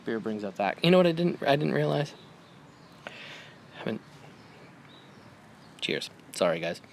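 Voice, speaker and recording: A man's voice: medium pitch, very animated, measured pace, vocal fry, a little hiss or hum. A man in his thirties, a homebrewing vlogger and dad, chatting casually in a loose, rambling, slightly tipsy way.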